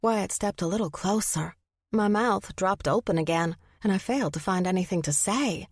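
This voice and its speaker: A woman's voice: mid-range voice, moderate pace, slightly rough, no echo, clean studio sound. Woman narrating an audiobook. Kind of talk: first-person audiobook narration.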